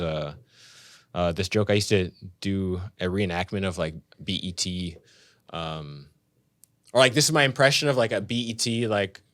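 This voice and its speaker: Laid-back low-voiced male comedian. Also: a bit bright, dry recording, clean studio sound. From Canada. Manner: laid-back, loose, swears freely. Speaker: stand-up comedian guest. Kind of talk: casual podcast storytelling. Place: podcast studio.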